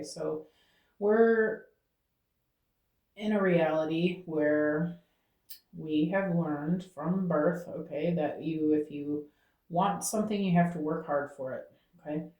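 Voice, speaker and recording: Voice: medium pitch, dark tone. A tarot reader giving a channeled reading to viewers, talking aloud to Spirit and tagging phrases with "okay?". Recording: roomy echo.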